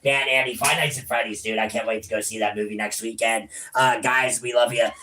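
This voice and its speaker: A man's voice: mid-range voice, steady tone, a little fast, background noise. A man hosting a casual gaming session, joking around, swearing and calling everyone bro and buddy. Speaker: gaming channel host. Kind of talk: casual let's-play banter. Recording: music playing behind the voice. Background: game music.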